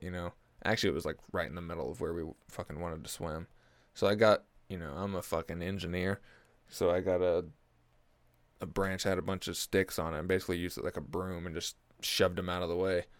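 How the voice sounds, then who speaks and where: A man's voice: sits low, flat delivery, brisk, dry recording. A man, rambling through a profane, jokey monologue as a podcast host. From Oklahoma. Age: early 20s. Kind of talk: casual comedic monologue.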